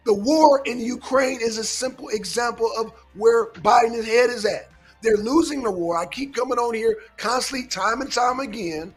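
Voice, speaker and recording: A man's voice: very high voice, moderate pace, faint music behind. A man hosting a casual political commentary show, lecturing his listeners emphatically and swearing often.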